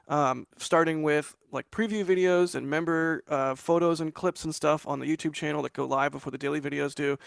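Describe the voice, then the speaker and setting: A man co-hosting a casual live show, upbeat and quick to laugh, with many fillers. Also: a little high, vocal fry, no echo, studio quality. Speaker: co-host.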